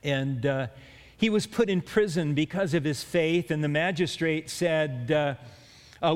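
A man's voice: fairly high pitch, unhurried. A man preaching a sermon in an earnest way, with stumbling restarts and emphatic rises on key words. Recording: long hall reverb.

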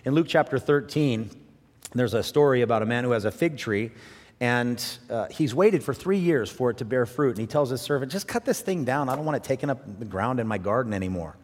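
Husky preaching man in a big hall. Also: mid-range voice, animated, fairly quick. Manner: impassioned preaching, with sudden loud rises and quiet drops. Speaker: pastor. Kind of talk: sermon. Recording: long reverb in a large hall.

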